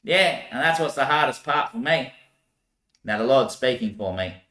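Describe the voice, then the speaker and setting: Man, rambling monologue, laughs a lot, bright voice, echoey room. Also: mid-range voice, animated, normal speed. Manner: rambling, laughs often, swears.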